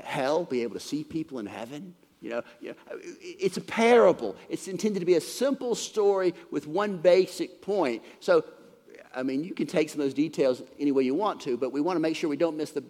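Guy preaching a sermon, kinda high voice, bounces all over, keeps tripping on repeated words, big echo hall. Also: darkish tone. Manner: expository retelling with frequent stumbling word repeats.

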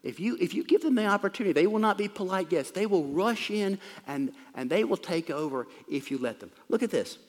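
A man's voice: high voice, lively intonation, fairly quick, hardly any pauses, in a large hall. A man preaching a sermon, explaining scripture in a plain, conversational way.

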